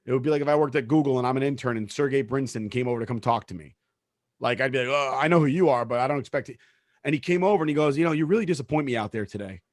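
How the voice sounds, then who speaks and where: A man's voice: mid-range voice, very fast, no room sound, studio quality. A man co-hosting a casual sports podcast, telling a story in an emphatic way and swearing freely. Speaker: podcast co-host; supervisor at work.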